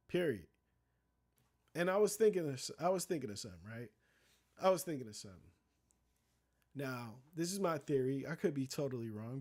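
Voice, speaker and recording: A man's voice: fairly high pitch, a little mellow. A young man streaming casual, profane commentary, rambling in loose slang with many restarts and asides to his chat.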